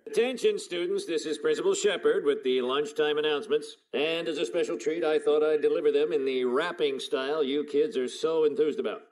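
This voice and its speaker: An actor voicing an awkward middle-aged male school principal in a cartoon, with a dry, deadpan delivery. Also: fairly high pitch, fairly quick, hardly any pauses, natural voice. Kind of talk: cartoon voice acting.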